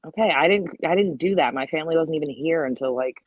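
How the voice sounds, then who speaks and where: A woman's voice: low-pitched, fast talker, dry recording, lo-fi sound. A woman from the United States joining a livestream chat, giggly and playfully teasing.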